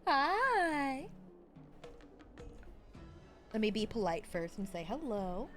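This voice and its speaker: A woman's voice: medium pitch, expressive, fairly quick, a little mellow, faint music behind. A woman streamer in casual chat with her live viewers, bubbly and rambling off on tangents.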